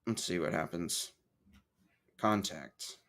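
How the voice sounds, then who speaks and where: A man's voice: sits low, slow pace, a bit bright. A man hosting a podcast in casual chat, joking and swearing freely while mocking himself. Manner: joking, profane, self-mocking. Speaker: podcast host.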